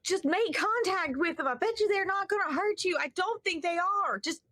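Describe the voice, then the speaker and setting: A woman voicing a country Southern woman who pleads over a radio, in a put-on Southern US accent and a folksy, calming way. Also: extremely high pitch, moderate pace, no echo, studio quality. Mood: pleading. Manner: folksy, urging calm.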